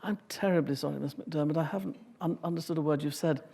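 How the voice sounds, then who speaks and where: A woman doing a prim, hushed tutor. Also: low-pitched, quick pace, vocal fry, noisy background. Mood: polite. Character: prim, polite university tutor.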